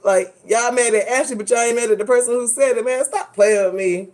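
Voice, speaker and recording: A woman's voice: on the high side, steady tone, fast talker, darkish tone. A woman hosting a casual commentary vlog, sassy and dramatic, full of slang. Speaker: host.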